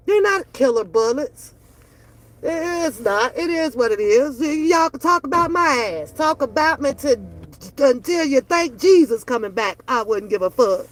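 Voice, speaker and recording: A woman's voice: sits high, a bit bright, no echo. A woman, ranting bluntly and profanely on her reaction channel. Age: 40s. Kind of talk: casual opinion rant.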